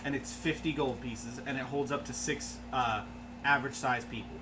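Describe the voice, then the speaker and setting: A man narrating as game master in a tabletop game, relaxed and laughing along with his players. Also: medium pitch, normal speed. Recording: noisy stream audio.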